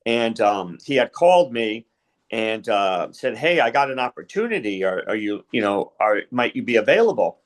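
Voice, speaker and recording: A man's voice: medium pitch, very animated, normal speed. Rambling middle-aged male referee storyteller. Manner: rambling, retells conversations with many fillers. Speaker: wrestling referee, podcast guest. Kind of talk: casual interview storytelling.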